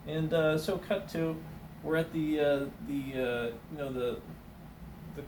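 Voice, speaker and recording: A man's voice: a little high, steady tone, a little slow, echoey room, recorded from a distance, background noise. A man doing stand-up comedy and telling a meandering story, full of fillers and restarts, putting on small voices for the people in it. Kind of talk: rambling comic storytelling.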